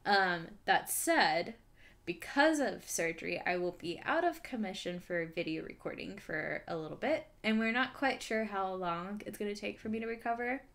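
A woman's voice: mid-range voice, expressive, moderate pace, fairly bright tone. A young woman co-hosting a casual chat, talking with many ums and nervous laughs. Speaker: co-host.

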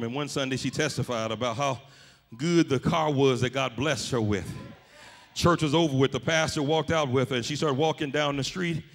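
A male pastor a sermon, building to shouts with a rhythmic "uh" cadence. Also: medium pitch, creaky.

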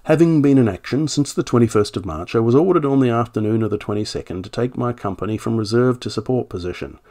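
A man reading out a wartime army captain's statement in a put-on voice, formal, measured and official. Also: mid-range voice, mellow, close to an everyday voice. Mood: formal, reporting. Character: British army captain, adult man, formal and matter-of-fact.

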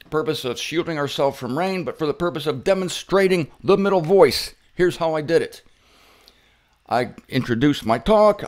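A man teaching the Bible in a playful, theatrical way, repeating his key points with emphasis and telling stories with mock drama. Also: fairly high pitch. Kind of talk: humorous Bible teaching monologue.

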